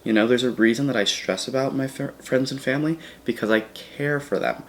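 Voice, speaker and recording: A man's voice: mid-range voice, brisk, a little hiss or hum. A man talking to camera in a casual, reflective vlog, rambling and correcting himself as he goes. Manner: rambling, self-correcting, earnest. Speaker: vlogger.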